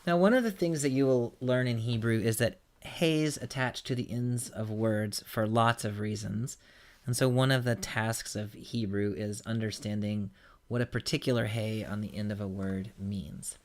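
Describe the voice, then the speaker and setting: A man's voice: fairly low pitch, normal speed. A man teaching a recorded language lesson, patiently walking through examples one at a time. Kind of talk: recorded lecture.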